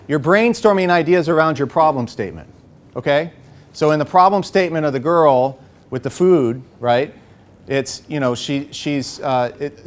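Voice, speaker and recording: A man leading a live workshop, coaching the group with an energetic manner and frequent "okay?" and "right?" check-ins. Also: medium pitch. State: a bit out of breath. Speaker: workshop facilitator. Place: workshop room.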